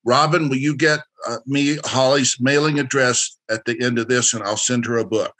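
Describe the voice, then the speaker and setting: A man with a bright, forward voice running an interactive career workshop. He speaks directly and instructively and keeps encouraging the people taking part. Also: mid-range voice, steady tone, normal speed.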